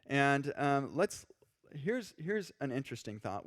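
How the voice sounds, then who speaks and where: Male conference speaker, casual and animated, live-coding on stage into a stage mic. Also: on the high side, unhurried. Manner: casual, animated, acts out quoted reactions.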